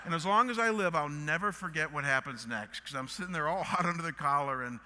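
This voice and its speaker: A middle-aged man, a pastor, telling a story in a sermon and then praying, animated and full of restarts. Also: on the high side, quick pace, background noise. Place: church auditorium. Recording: long hall reverb.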